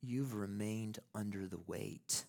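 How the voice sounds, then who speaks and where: Male preacher, sermon, emphatic, impassioned at times, lowish voice. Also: slow pace, a little mellow. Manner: emphatic, building to impassioned peaks. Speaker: pastor.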